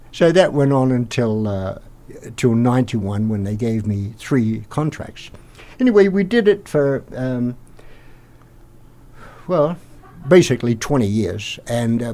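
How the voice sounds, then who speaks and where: An older Australian man, a podcast guest, rambling through an animated anecdote and acting out the quotes. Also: mid-range voice. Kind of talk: anecdotal storytelling.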